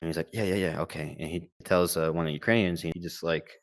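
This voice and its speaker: Low-voiced young man, laid-back. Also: steady tone, fast talker, no echo. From United States. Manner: laid-back, rambling, lots of fillers and quoted dialogue. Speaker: former Marine combat medic recounting war experience. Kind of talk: casual storytelling interview.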